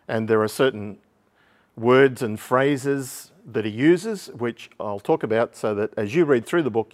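A man preaching a sermon, explaining a Bible book in a calm, teaching manner with occasional ums and throat clearing. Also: medium pitch.

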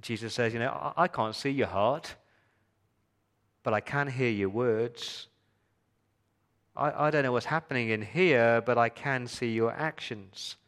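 A male pastor preaches to his congregation in a mid-range voice, posing rhetorical questions and shifting between loud emphasis and hushed lines. His pace is a little slow, with long pauses.

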